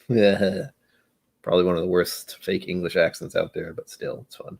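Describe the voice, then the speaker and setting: A man's voice: low voice, level tone, a little slow, creaky, a little mellow, breathy edge. A man hosting a live whiskey tasting, chatting casually in a rambling, musing, self-deprecating way. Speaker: host of a whiskey tasting stream. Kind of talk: casual live-stream chat while tasting.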